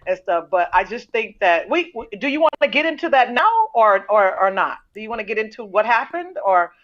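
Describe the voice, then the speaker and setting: A woman's voice: a little high, big pitch swings, brisk. A woman comedian guest, sassy and playful with very casual slang. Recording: dull lo-fi audio.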